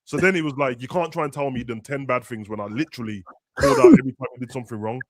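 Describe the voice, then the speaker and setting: A man's voice: mid-range voice, very animated, very fast, no echo. A young man, chatting casually and ranting animatedly as a football podcast host. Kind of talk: casual chat.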